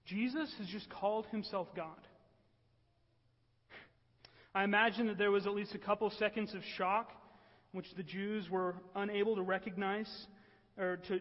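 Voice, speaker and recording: A man preaching a sermon in an earnest way, often checking with the room by asking "right?". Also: sits high. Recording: echoey hall, dull lo-fi sound.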